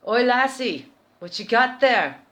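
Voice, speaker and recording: Woman doing a loud gruff Scottish guy. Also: very high-pitched, animated, measured pace, voice pushed up, exaggerated voice. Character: big friendly Scottish club worker, gruff. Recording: roomy echo.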